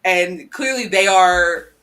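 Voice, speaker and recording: A podcast co-host in casual chat, telling stories in an animated way with sarcastic asides. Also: medium pitch, takes it slowly, smooth, faint music behind.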